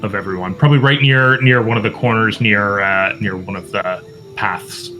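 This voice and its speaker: A man running an online tabletop game as game master, describing scenes calmly with frequent fillers. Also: on the low side, moderate pace, over music, low-quality recording. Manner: hesitant, many fillers, calm descriptive pacing. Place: home, online voice chat.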